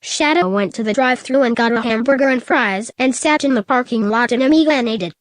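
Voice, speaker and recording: A woman reading a fan story aloud in a flat, matter-of-fact way. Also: on the high side, fast, few pauses, dry recording. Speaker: narrator.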